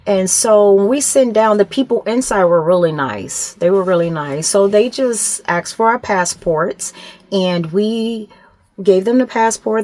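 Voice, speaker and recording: Woman, middle-aged, vlogger, casual animated retelling, dry room sound. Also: mid-range voice, no room sound. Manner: animated retelling, acts out other voices. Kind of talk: casual storytelling to camera.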